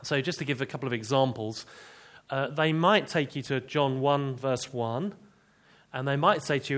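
A man preaching a sermon, earnest and emphatic, slowing down to read scripture. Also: mid-range voice, fairly bright tone.

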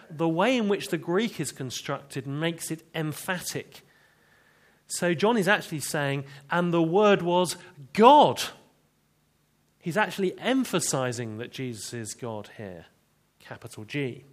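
Male preacher, emphatic sermon delivery, slightly higher voice. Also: a bit bright. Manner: earnest, emphatic, reads scripture slowly.

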